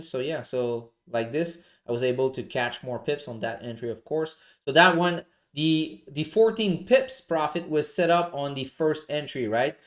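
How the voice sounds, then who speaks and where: A man with a non-native English accent, coaching viewers through trades in a relaxed, casual livestream and often checking in with "right?". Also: mid-range voice. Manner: relaxed, explanatory, often adds "right?" and "you know?". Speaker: forex trading coach. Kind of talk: casual live trading walkthrough.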